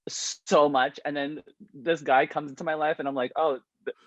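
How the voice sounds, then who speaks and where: A man's voice: on the high side, steady tone, moderate pace, no echo. A man from the US East Coast, a comedian guest chatting in a giggly, self-deprecating way. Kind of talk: casual comedic interview chat. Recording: slightly dull lo-fi audio.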